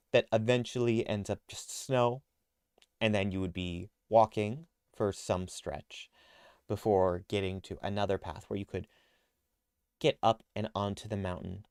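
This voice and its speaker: A man narrating as game master of a tabletop game, relaxed and loose, with many fillers. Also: lowish voice, smooth, dry recording, studio quality.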